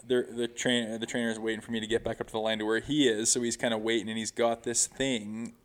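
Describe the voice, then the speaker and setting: A man's voice: mid-range voice, flat delivery, fast. A middle-aged man, a former pro hockey player, guesting on a podcast and telling loose, profane, rambling stories in casual chat.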